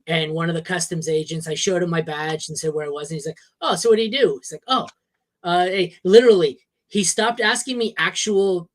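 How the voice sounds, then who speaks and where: A man's voice: a little high, steady tone, fairly quick. A man hosting a fantasy football podcast, jokey and friendly, leading the casual chat. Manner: friendly, jokey, runs the show. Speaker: podcast host.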